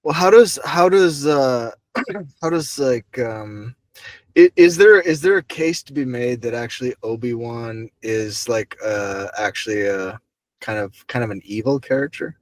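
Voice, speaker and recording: A young man hosting a casual chat, excitable, with stammering restarts and swearing. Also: medium pitch, a little slow, no room sound. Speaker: podcast host. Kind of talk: casual banter.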